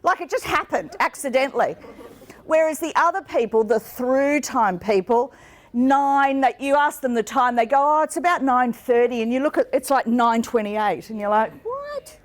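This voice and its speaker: Lively, playful woman coaching a seminar crowd. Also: a little high. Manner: lively, playful, mimics people in quoted asides. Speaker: business coach and speaker. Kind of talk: live seminar talk with slides. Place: conference room with an audience.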